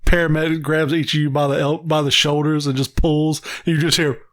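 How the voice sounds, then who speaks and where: A man's voice: fairly high pitch, little pitch movement, a little fast, a bit bright, no echo, clean studio sound. A man co-hosting a podcast, laid-back and profane, trading crude jokes and agreeing along. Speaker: podcast co-host. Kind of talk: crude casual banter.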